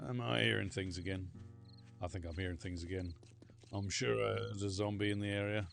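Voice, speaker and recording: A man's voice: on the low side, fairly even intonation, fairly quick, creaky, a bit bright, faint music behind. A man streaming a survival game, chatting casually with rambling stories and free swearing. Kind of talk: casual gameplay commentary.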